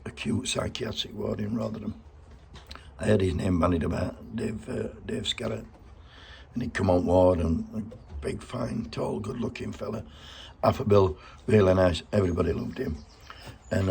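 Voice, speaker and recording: A man's voice: fairly low pitch, creaky, darkish tone, a little hiss or hum. A middle-aged man giving a blunt, heartfelt spoken tribute and swearing freely.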